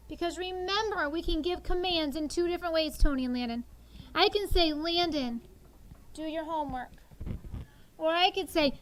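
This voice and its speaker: A woman in her thirties teaching sixth grade in a classroom, animated and coaxing, drawing call-and-response answers from her students. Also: extremely high pitch, normal speed, long pauses.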